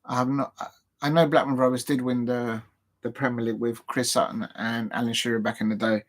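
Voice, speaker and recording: A man from England hosts a live football stream at a middle pitch. He rambles casually and pokes fun at himself. He talks straight to his viewers. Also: little pitch movement, brisk. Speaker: football show host.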